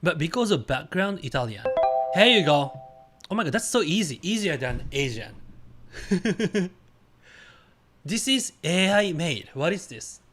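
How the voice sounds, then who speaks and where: Over soft background music, a male streamer with a voice on the high side plays a guessing game and chats casually. His phrases are simple and halting, with occasional excited cheers.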